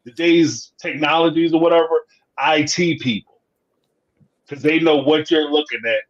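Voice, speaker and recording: A man hosts a relaxed live stream, his voice sitting a touch high for a man. He tells his stories with energy, acts out the other people in them and laughs easily. The sound is a little muffled and lo-fi. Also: moderate pace. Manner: animated storyteller, acts out dialogue, laughs often. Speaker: host of a live reality TV review show. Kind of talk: casual live-stream chat. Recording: slightly dull lo-fi sound.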